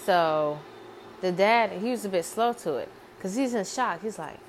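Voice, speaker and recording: A woman's voice: medium pitch, expressive, a little slow, slight background noise. A woman casually retelling a movie script she dreamed up, rambling and repeating herself with many fillers. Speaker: amateur screenwriter.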